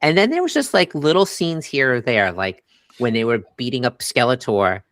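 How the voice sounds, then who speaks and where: A man's voice: medium pitch, expressive, moderate pace, a bit bright, dry recording, clean studio sound. A middle-aged man co-hosting a podcast, chatting casually about a movie and quoting scenes animatedly. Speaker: podcast co-host. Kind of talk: casual movie review chat.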